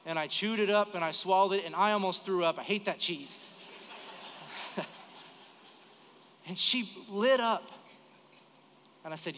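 Man, 30s, pastor, high bright voice, animated storytelling, live church hall reverb. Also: unhurried, long pauses, a little hiss or hum. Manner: storytelling, animated, acts out dialogue. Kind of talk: sermon. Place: church sanctuary during live service.

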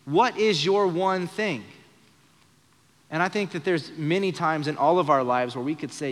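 A man's voice: a little high, normal speed, big-room sound. A young man preaching an earnest sermon during a live church service, shifting his voice to act out the lines he quotes. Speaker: pastor.

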